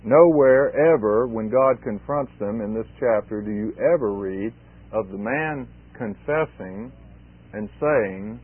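A man delivers an expository sermon, pressing his points and repeating key phrases. His voice sits low and husky. The recording is thin and tinny, like a phone line. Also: unhurried, dry recording. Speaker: preacher.

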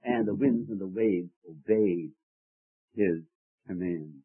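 A man's voice: deep voice, slow, breathy edge. Preacher man on a tinny, lo-fi recording. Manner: expository teaching with questions to the congregation. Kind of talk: sermon. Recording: tinny phone-like old recording.

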